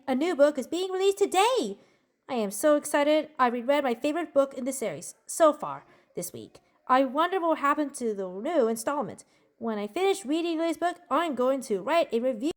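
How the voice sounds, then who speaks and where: A woman doing bubbly high-pitched Gwen Tennyson. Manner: bubbly, giggly joke-telling. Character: cheerful bookish preteen girl, upbeat and chatty. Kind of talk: journal-style character monologue.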